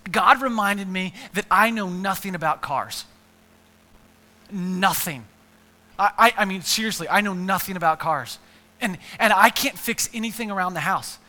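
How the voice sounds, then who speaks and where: A man's voice: high voice, normal speed, bright, forceful tone, long reverb tail. A man preaching a sermon in a church, earnest and emphatic, often repeating words and building up lists. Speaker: pastor.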